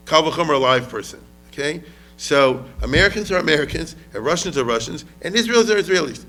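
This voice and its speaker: A man's voice: fairly high pitch, expressive, quick pace, bright, forceful tone, faint music behind. A man lecturing on history as a rabbi, talking casually, often asking the audience questions and mixing in Hebrew words.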